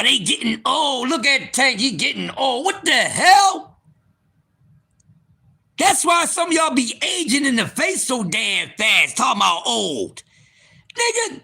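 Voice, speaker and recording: A man in his fifties hosts a live stream and rants at his viewers, loud, profane and incredulous. His voice sits very high and sounds sharp and bright, and it swings widely in pitch. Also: gravelly, husky. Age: 50s. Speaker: livestream host.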